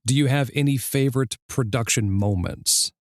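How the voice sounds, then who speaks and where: A man's voice: medium pitch, moderate pace, no room sound, studio quality. A man hosting a podcast interview, asking questions and laughing along with his guest. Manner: brief affirmations, laughs along. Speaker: podcast host.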